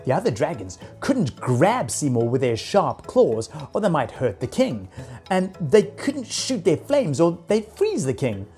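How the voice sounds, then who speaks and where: A woman narrating a children's storybook in an expressive, animated way. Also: deep voice, unhurried, faint music behind.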